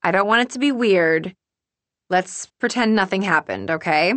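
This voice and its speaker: A woman's voice: mid-range voice, animated, moderate pace, a bit bright, no room sound, voice pushed up, close to an everyday voice. A woman reading as Julie, an upbeat young woman. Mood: bright, coaxing. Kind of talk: audiobook reading.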